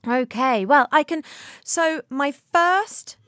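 Woman podcasting, slow and a bit higher, dry close sound, lots of ums. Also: fairly bright tone, no room sound. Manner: unhurried, thinks aloud with fillers. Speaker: podcast co-host, comedian. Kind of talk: casual chat.

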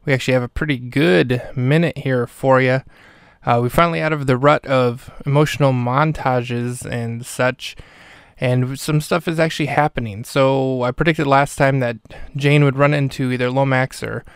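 Clear-voiced podcast host recapping a film. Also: male voice, mid-range voice, steady tone, moderate pace, dry recording, studio quality. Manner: chatty, wry, mock-serious ad voice. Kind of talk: casual episode recap and mock ad read.

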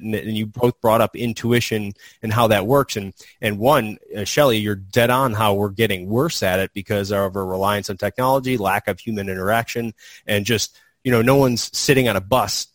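A man with a somewhat low voice talks earnestly in a casual podcast chat. He restarts his sentences often, repeating words as he searches for them. The recording is dry and close. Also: fairly even intonation, no echo. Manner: earnest, halting, many restarts. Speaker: podcast co-host.

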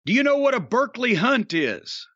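A man's voice: very high voice, big pitch swings, moderate pace, sharp tone, no room sound. A middle-aged man hosting a podcast, chatting casually with profane, rambling storytelling. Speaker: podcast host. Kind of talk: casual chat. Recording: dry, dull lo-fi sound.

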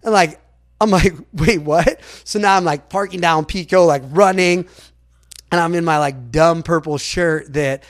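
A man, a podcast guest, telling stories in a rambling, animated way, full of "like" fillers and acted-out quotes. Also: a little high, normal speed. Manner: acts out other people's lines in quotes. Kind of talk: casual storytelling in an interview.

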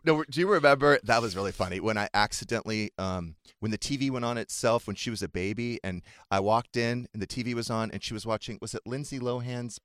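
A middle-aged man hosting a casual podcast chat, telling animated stories and imitating other people. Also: medium pitch, fast talker, few pauses, no room sound, clean studio sound. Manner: animated storytelling, mimics others. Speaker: podcast host.

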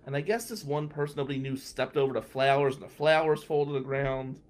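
A middle-aged man from New Jersey, a podcast guest telling a lively anecdote and acting out the people in it. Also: medium pitch, fairly quick. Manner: animated, acts out the voices of people in his story. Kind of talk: storytelling anecdote.

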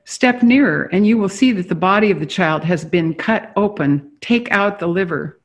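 A reader voicing a veiled woman who is the soul of a murdered child, speaking in a slow, measured, commanding way. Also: medium pitch, natural voice. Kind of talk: reading dialogue aloud from a book.

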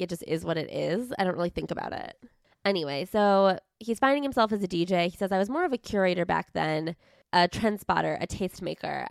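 A woman's voice: lowish voice, gravelly, no room sound, clean studio sound. A young adult woman co-hosting a podcast, thoughtfully explaining motives in casual chat and reading book quotes aloud. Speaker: podcast co-host.

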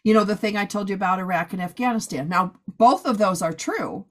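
Hoarse chatty woman podcast host. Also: mid-range voice, lively intonation, brisk. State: hoarse, losing her voice. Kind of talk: casual chat.

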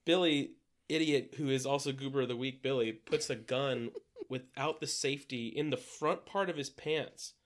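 A man's voice: mid-range voice, moderate pace. Male podcast co-host with a mid-range voice, teasing, laughing and swearing freely. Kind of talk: casual comedic chat.

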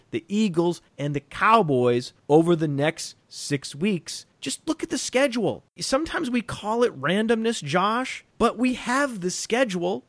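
A man hosting a fantasy football talk show, animated, swinging his pitch widely for emphasis and laughing easily. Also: no echo. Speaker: podcast host.

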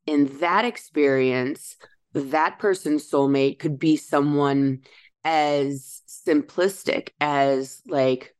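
Very low-voiced woman musing on spirituality. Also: darkish tone. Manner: musing, spiritual, slows to stress words. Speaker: podcast host. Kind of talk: casual spiritual chat.

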